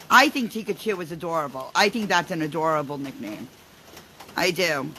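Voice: medium pitch, normal speed, pushed and bright, slight background noise, rough recording. A vlogger chatting casually while trying out face filters, often giggling and struggling to keep a straight face.

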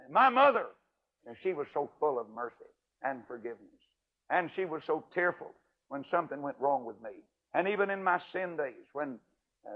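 Older preacher man, folksy and emphatic, kinda high voice, tinny radio sound. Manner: folksy, emphatic, swings from loud to hushed. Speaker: evangelist preacher. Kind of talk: folksy storytelling sermon. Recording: tinny radio broadcast audio.

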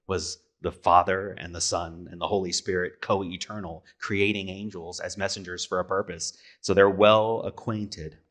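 A man delivers a sermon from the pulpit in a relaxed, conversational way. His voice sits a little low, and he keeps asking rhetorical questions and correcting himself mid-sentence. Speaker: pastor.

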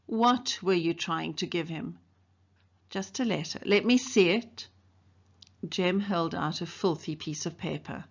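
Slow-reading woman teacher with dull audio. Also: fairly low pitch, gravelly, slightly rough. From South Africa. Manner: reads dialogue in brighter, livelier voices for the characters. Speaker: English teacher. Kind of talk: reading a novel aloud to students.

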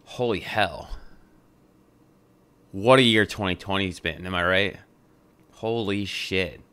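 Speaking slowly in a low, smooth voice with a bright, forceful tone, a young adult podcast host talks loosely and jokingly. He swears freely throughout his casual monologue.

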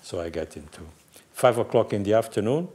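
An older man from Portugal with a Portuguese accent, animatedly telling racing anecdotes in halting, restarting speech. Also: fairly low pitch, expressive, a little mellow. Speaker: guest storyteller, former racing team manager.

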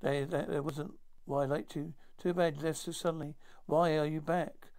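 A man's voice: a little high, flat delivery, normal speed, darkish tone, lightly acted. A man voicing a stern male alien marshal holding a grudge, speaking in a cold, curt way.

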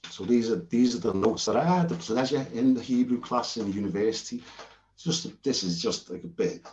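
A man's voice: medium pitch, a little fast, darkish tone, a little hiss or hum. Earnest rambling British man teaching. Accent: British English. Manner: earnest, rambling, frequent restarts. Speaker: Bible teacher. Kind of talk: informal lecture while sharing notes on screen. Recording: roomy and dull lo-fi.

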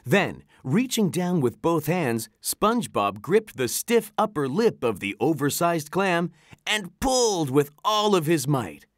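A narrator reading a children's storybook aloud in an animated, expressive way. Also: mid-range voice, unhurried, no echo, studio quality.

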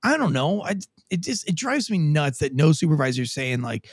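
Husky, animated ex-cop podcast host. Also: male voice, fairly high pitch, fairly quick, few pauses, no echo, studio quality. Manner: animated, profane, acts out voices mockingly. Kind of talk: casual live commentary on body camera footage.

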